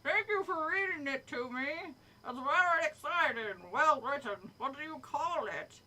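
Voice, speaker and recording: A woman's voice: high-pitched, animated, a little slow, bright, forceful tone, recorded from a distance, exaggerated voice, low-quality recording. A woman doing a chummy green blob monster. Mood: friendly.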